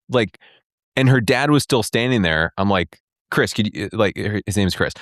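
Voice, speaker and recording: Speaking at a normal speed with a fairly bright tone on the low side, a man in his thirties shares a personal story as an interview guest. He acts out what people said and fills his speech with "like." Clean studio sound, no room sound.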